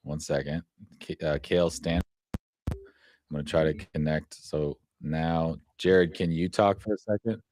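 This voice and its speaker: A man producing and hosting a live show, explaining things in a halting way with many fillers. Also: rumbling low, steady tone, noisy background. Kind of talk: live casual show chat.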